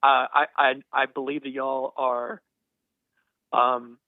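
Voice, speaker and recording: A man's voice: mid-range voice, level tone, takes it slowly, no echo. A young man from Texas, calling into a show and talking earnestly while stammering and repeating words. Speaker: caller. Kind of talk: phone-in conversation. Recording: phone line.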